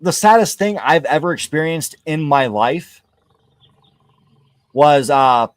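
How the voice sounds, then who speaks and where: A man's voice: a little high, animated, slow, no room sound. A man hosting a casual gaming livestream, talking candidly and rambling with many hesitations and restarts. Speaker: livestream gamer host. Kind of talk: casual chat while gaming.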